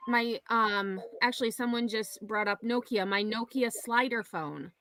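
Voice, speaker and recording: A woman's voice: fairly high pitch, a little slow, dry recording. A woman in her forties chatting casually as a panel guest, telling stories animatedly. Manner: animated storyteller. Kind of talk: casual nostalgic chat.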